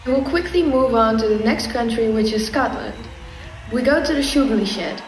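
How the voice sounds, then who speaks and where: A woman's voice: a little high, expressive, normal speed, slight background noise. A woman hosting a mock song-contest show in a formal yet playful announcer tone. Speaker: host. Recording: echoey room, from far off.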